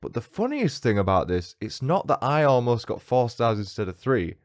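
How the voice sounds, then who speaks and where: A man's voice: medium pitch, sing-song, normal speed, no echo, studio quality. A man with a northern English accent hosting a true-crime podcast, reading listener reviews with cheeky, self-mocking banter. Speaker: podcast host.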